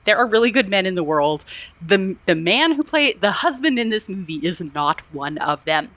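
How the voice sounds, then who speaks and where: A woman of middle pitch talks through a movie on a podcast, fired up and indignant, slipping into quoted lines with playful put-on voices. Her voice is dry and close, with no room sound around it. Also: moderate pace, no echo. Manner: animated, indignant, acts out quotes in lively voices. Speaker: podcast co-host. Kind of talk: casual movie review chat. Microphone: remote call.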